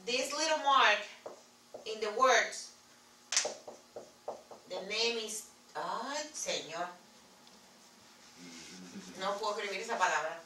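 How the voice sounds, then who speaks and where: A woman's voice: medium pitch, slow pace, long pauses, background noise. A woman teaching a Spanish class in English with a Spanish accent, patiently repeating key words. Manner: patient, repeats key words, writes on board while talking. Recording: echoey classroom from far off.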